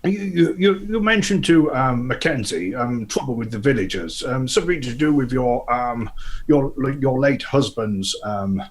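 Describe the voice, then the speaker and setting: A man's voice: mid-range voice, lively intonation, unhurried. Hesitant man playing a tabletop game. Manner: hesitant, repeats words. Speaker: player. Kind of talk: in-character tabletop role-play.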